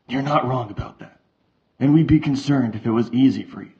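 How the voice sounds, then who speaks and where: A man's voice: medium pitch, a little fast, pitched above the performer's own voice, natural voice. A man voicing a caring uncle who speaks in a reassuring way. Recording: slightly muffled.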